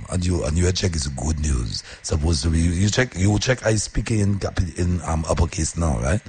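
A man hosting a radio show in casual chat, playful and teasing, with a very deep bass voice. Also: normal speed, hardly any pauses, a little mellow, slightly rough. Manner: playful, teasing, jumps between deep bass and high tones. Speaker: radio host.

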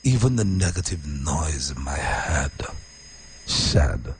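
A man who hosts radio, talking casually about his week, deep-voiced when calm and emphatic with repeated phrases. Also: slow pace, a little hiss or hum. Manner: repetitive, emphatic, swings from quiet and low to high and animated. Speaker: radio host. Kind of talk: casual personal talk.

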